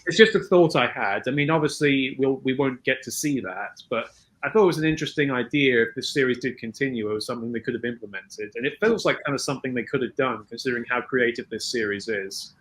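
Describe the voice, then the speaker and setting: A man's voice: mid-range voice, fast, a bit bright, poor audio. A man in his thirties chatting casually as co-host, laughing often and using many fillers. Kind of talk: casual chat recapping a show.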